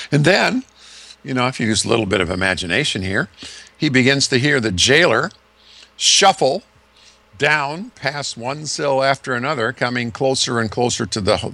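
A man's voice: medium pitch, sharp tone. A man preaching a sermon, retelling a story vividly with dramatic shifts in emphasis.

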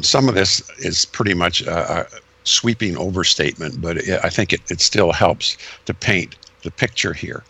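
A man's voice: sits low, pushed and bright, slightly rough. A man explaining church history in a conversation, lecturing in sweeping emphatic runs and correcting himself as he goes.

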